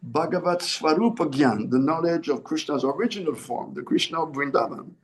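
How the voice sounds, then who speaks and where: Swami guy preaching, kinda high voice, earnest, keeps correcting himself. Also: fairly quick. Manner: earnest, repeats and corrects himself mid-phrase. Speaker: swami giving a spiritual discourse. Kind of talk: sermon.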